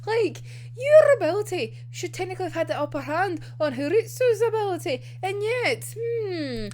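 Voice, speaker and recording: A woman's voice: very high voice, sing-song, normal speed, darkish tone. A young woman reacting to a manga chapter, gushing, giggling often, swearing freely and saying "like" constantly. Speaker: manga reviewer.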